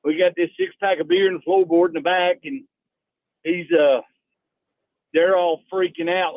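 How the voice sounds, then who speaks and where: A man's voice: high-pitched, fairly even intonation, moderate pace, no room sound. A man, calling into a radio show and telling a folksy story. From Texas. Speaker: caller. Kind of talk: phone-in storytelling. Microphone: phone. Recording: tinny phone line.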